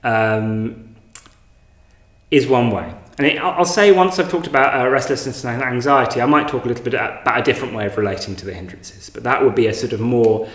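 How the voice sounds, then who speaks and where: A man's voice: mid-range voice, fairly quick, fairly bright tone, echoey room. A man giving an informal meditation talk, hesitant, with many fillers and restarts. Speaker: meditation teacher. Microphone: online class, home recording.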